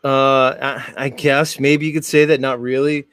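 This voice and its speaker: A man's voice: mid-range voice, flat delivery, a little slow, fairly bright tone, clean tone, dry recording, studio quality. An American man from South Jersey hosting a casual chat show, rambling and full of fillers. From South Jersey, USA. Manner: rambling, filler-heavy, chatty. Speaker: podcast host.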